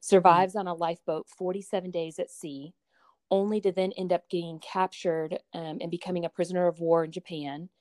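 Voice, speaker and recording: A woman's voice: fairly low pitch, little pitch movement, brisk, few pauses, a little mellow, dry recording. A woman chatting casually as a podcast guest, upbeat and laughing easily. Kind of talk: casual interview chat.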